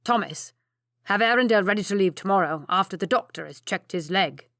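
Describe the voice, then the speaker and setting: A woman's voice: mid-range voice, lively intonation, a little fast, a bit bright, no room sound, clean studio sound. A woman voicing a curt, domineering old duke. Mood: stern. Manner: curt, commanding.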